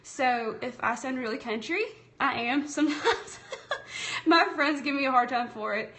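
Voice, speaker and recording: A Tennessee woman with a Southern accent hosts a casual live craft tutorial, chatting in a friendly way and calling her viewers y'all as she works. Her voice is high and fairly bright, with a measured pace. She streams through a tablet app.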